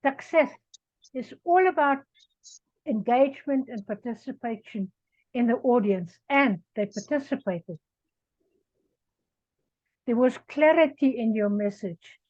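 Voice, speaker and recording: High-voiced woman on a dull, dry call. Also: expressive, measured pace, long pauses, darkish tone, dry recording. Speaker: evaluator at a speaking club meeting. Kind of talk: online meeting evaluation speech. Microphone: video call.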